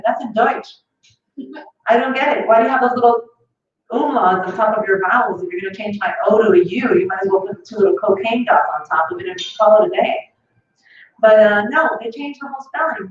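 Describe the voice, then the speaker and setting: A woman from Colombia doing a stand-up set on a club stage, animated and laughing at her own jokes, drawing out words for emphasis. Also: mid-range voice. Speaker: stand-up comedian opening an open mic. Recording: echoey distant room sound, dull lo-fi.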